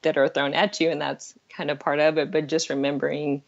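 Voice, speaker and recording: A woman's voice: deep voice, little pitch movement, brisk, gravelly, lo-fi sound. A middle-aged woman talking earnestly and candidly as a guest on an interview podcast, laughing now and then. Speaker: life coach guest.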